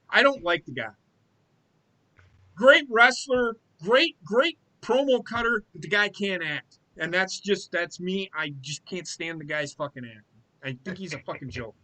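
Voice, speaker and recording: Profane ranting man, bright voice. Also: sits high, expressive, normal speed. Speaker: podcast co-host. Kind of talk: casual sports and wrestling chat.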